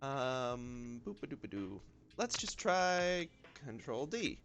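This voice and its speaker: A man's voice: medium pitch, normal speed. A man with a light Southern US accent, chatting casually on a live stream as he draws, rambling and talking to himself with frequent ums. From southern United States. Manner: relaxed, rambling, self-talk with many ums and y'alls. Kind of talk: casual live-stream chat while drawing. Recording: faint lo-fi music behind. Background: lo-fi music.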